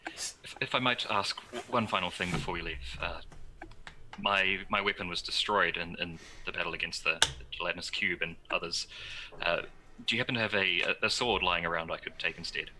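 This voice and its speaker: A man speaking in character as a player in a tabletop game, formal and halting. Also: low-pitched, background noise.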